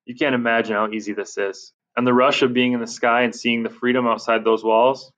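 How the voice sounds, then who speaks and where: A man's voice: medium pitch, little pitch movement, a little fast, fairly bright tone, lo-fi sound, natural voice. A man voicing a confident, mischievous teenage boy who teases easily, in an audiobook. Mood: teasing. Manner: teasing, easygoing.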